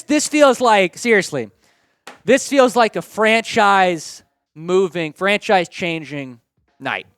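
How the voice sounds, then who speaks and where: Sports show host guy from houston, high smooth voice, super excitable, dry sound. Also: no room sound. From Houston, Texas. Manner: excitable, gushing, swings between quick and drawn-out delivery. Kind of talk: sports news commentary.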